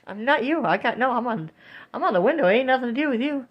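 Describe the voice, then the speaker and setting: Animated woman vlogging from home. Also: fairly high pitch, fast, lo-fi sound. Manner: animated, coos and exclaims, talks to viewers as "guys". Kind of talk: casual home video narration. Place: home, filming out a window.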